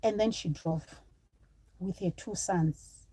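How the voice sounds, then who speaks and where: Mellow-voiced woman telling a story. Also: fairly low pitch, slow, husky, dry recording, low-quality recording. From Zimbabwe. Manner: chatty, addresses viewers as guys, thanks supporters mid-story. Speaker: live streamer. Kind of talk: casual storytelling live stream.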